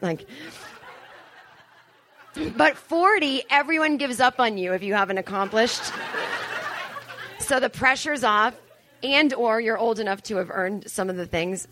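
Her fairly high voice is expressive, bright, and forceful, paced moderately. She's a comedian and podcast host in her forties doing live stand-up in front of an audience, chatty and profane, mocking herself with lots of asides.

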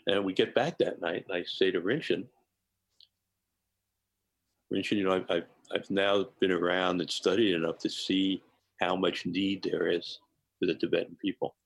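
Man with a deep husky voice, warm animated storyteller guest, dry close mic. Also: moderate pace, long pauses, no room sound, low-quality recording. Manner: animated storyteller, laughs often. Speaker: guest chef. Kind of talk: personal anecdote in interview.

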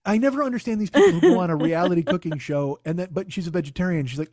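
A man's voice: high-pitched, expressive, very fast, darkish tone, dry recording, clean studio sound. A man hosting a podcast, ranting in a casual, comic, profane and exasperated way. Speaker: podcast host. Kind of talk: casual comedic rant.

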